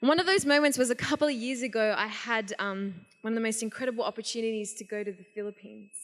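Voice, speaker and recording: A young woman giving a casual, energetic sermon to a youth conference. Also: fairly high pitch, fast. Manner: energetic, casual, animated storytelling. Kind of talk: live youth sermon storytelling. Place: large event hall. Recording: long reverb of a large hall.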